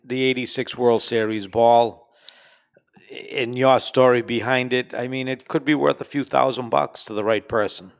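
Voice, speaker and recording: A man appearing as a guest on a talk show, calmly giving his expert view on collectibles. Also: medium pitch, normal speed, vocal fry. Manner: matter-of-fact, knowing. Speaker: sports memorabilia dealer guest. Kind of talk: casual studio chat.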